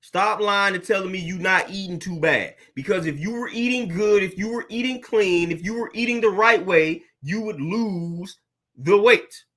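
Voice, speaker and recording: A man's voice: high voice, normal speed, sharp tone. A young adult man, a fitness trainer, ranting bluntly and preachily to camera, repeating himself and using slang. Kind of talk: blunt motivational rant to camera.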